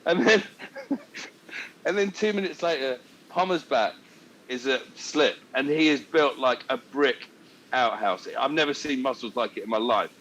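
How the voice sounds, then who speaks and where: A man telling cricket stories on a podcast, animated and lapsing into voices for the people he quotes. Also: mid-range voice, unhurried, low-quality recording. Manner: animated, slips into voices for anecdotes. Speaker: co-host. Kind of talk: casual podcast storytelling.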